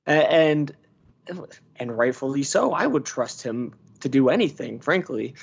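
A man, a podcast guest, rambling through casual sports talk with halting restarts. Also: medium pitch, big pitch swings, creaky, breathy edge. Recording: dull lo-fi audio.

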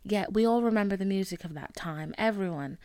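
A woman reading the lines of a cold, ambitious older male Irish fiddler, slowly and half-whispered. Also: mid-range voice, mellow, no echo, close to an everyday voice.

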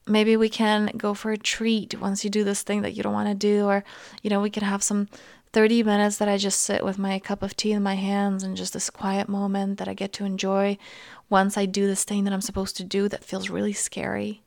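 A woman in her thirties hosting a podcast as a coach, talking gently and earnestly in a casual self-help monologue. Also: medium pitch, completely flat delivery, a little fast, gravelly, no echo, clean studio sound. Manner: gentle, earnest, talks through examples.

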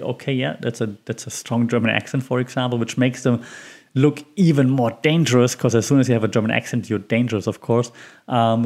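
Male podcast host, casual solo chat, rambling, lots of ums, mid-pitched voice. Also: a little mellow. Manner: rambling and chatty with frequent ums; laughs lightly at himself.

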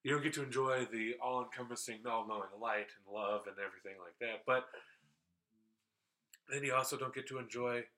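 Bright-voiced man telling rambling stories. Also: medium pitch, a little fast, rough recording. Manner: rambling, animated, lots of fillers and swearing. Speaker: podcast co-host. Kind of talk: casual chat, storytelling.

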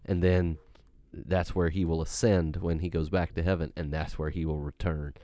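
Deep-voiced man, earnest and emphatic. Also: flat delivery, moderate pace, dark tone, no room sound. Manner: earnest, emphatic, repeats phrases for effect. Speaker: podcast co-host. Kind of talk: casual Bible discussion.

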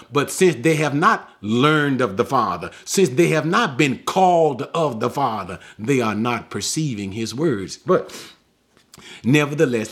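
A man's voice: mid-range voice, a bit bright. A man teaching through a bible passage verse by verse, emphatic, repeating key words and asking rhetorical questions.

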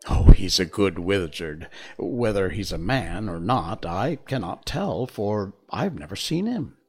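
A man voicing a kindly little old woman, a good witch, speaking gently and solemnly in a storybook reading. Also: deep voice, lively intonation, unhurried, husky, faint music behind, exaggerated voice. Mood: gentle.

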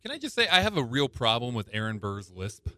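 A man's voice: medium pitch, sing-song, a little fast, bright, forceful tone, clean tone, no echo, studio quality. A man with a slight lisp, chatting casually as a podcast host and often repeating his first words before he gets going. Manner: hesitant, repeats words when starting. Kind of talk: casual chat.

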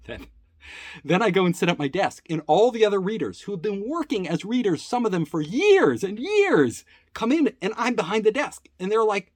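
Animated husky man telling a story. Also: a little high, fairly quick, no echo, clean studio sound. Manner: animated, acts out quoted voices, laughs often. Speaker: storyteller recounting his career. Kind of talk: casual personal storytelling.

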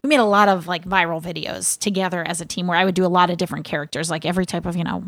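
A woman's voice: lowish voice, fairly even intonation, rapid-fire, fairly bright tone, no room sound. A woman from New England, a comedian guest chatting casually in a self-deprecating way. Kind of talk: casual chat.

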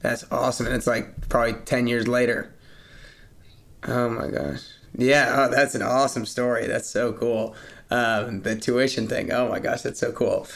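A male podcast-style host with a mid-pitched voice, eager and quick to react. He asks his questions in a loose, halting way, restarting phrases as he goes. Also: level tone, vocal fry. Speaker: interview host. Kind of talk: conversational interview.

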